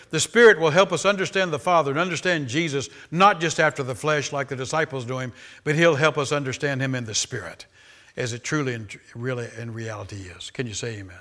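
A man preaching a sermon with a fairly high voice and a bright, tense edge. He pushes hard on key words, repeats phrases for emphasis, and breaks in with cries of praise. He speaks to a congregation gathered in church. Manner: exclamations of praise between points. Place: church service before a congregation.

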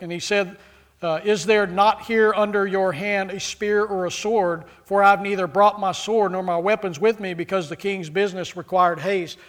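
Man, preacher, high-pitched voice, fervent sermon, loud emphatic peaks, acted-out quotes. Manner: fervent, rises to loud emphatic peaks then drops low; acts out scripture characters in quoted voices.

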